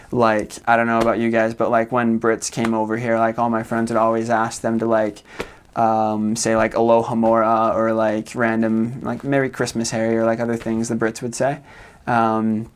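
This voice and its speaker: A young American man in his twenties, a returned missionary, giving a casual informational talk with lots of fillers and frequent chuckles. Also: lowish voice. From United States. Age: 20s. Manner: relaxed, many fillers, chuckles often.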